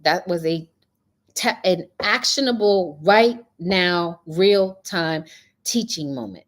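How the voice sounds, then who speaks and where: A middle-aged woman hosting a casual spiritual talk, telling stories with animation and a preachy edge. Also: sits low. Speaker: host.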